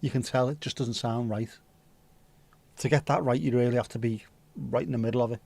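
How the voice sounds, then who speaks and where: A man's voice: medium pitch, fairly even intonation, a little fast, creaky, a little mellow, no room sound. A man hosting a livestream, chatting casually and rambling while reading out viewer comments, with the odd swear word. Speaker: livestream host.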